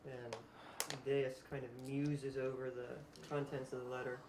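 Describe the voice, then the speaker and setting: A man narrating a tabletop game as game master. He sounds relaxed and laughs often. His voice has a roomy echo, with a faint hiss behind it. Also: mid-range voice, a little slow.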